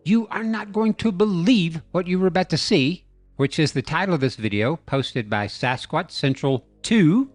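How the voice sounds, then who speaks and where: A man's voice: on the high side, expressive, normal speed, no echo. Jokey man narrating a video breakdown. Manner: jokey, playful storytelling. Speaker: YouTube host. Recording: dry voice-over with faint music.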